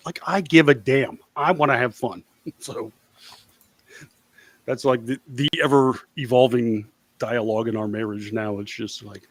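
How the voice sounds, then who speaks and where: A man co-hosting a casual podcast chat, swearing freely and acting out quotes in a loud, higher voice. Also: dry recording. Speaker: podcast co-host.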